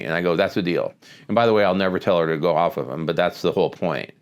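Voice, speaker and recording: A man's voice: low-pitched, steady tone, a little fast, clear, resonant tone. A middle-aged man, a physician host, telling a patient story in a conversational way with many restarts. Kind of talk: casual talk to camera.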